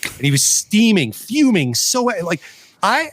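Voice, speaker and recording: Podcast co-host, male, animated profane storyteller, dry close sound. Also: sits high, unhurried, dry recording. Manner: animated, swearing, laughing storyteller. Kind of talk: casual storytelling chat.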